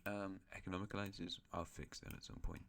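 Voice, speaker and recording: A man's voice: low voice, level tone, fairly quick, a bit bright, a little hiss or hum. A man hosting an alternate-history map series, narrating in a rambling, chatty way with self-mocking asides. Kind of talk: casual map-game commentary.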